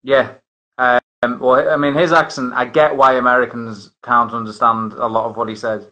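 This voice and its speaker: A man's voice: medium pitch, little pitch movement, moderate pace, pushed and bright, rough recording. A man hosting a casual chat, rambling with many restarts and fillers. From northern England. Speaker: host.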